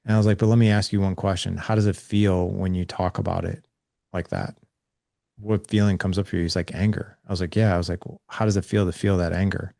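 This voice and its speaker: Deep gravelly man telling a story. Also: little pitch movement, brisk, mellow, no room sound, clean studio sound. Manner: earnest, acts out quoted dialogue with his son. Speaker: guest. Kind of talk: candid conversational storytelling.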